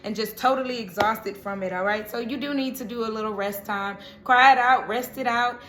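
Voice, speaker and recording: A woman's voice: on the high side, a little fast, fairly bright tone, a little hiss or hum. A woman giving a casual tarot reading, chatty and laughing often, checking in with the listener. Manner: chatty, laughs often, keeps asking "okay?". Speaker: tarot reader. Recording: roomy echo.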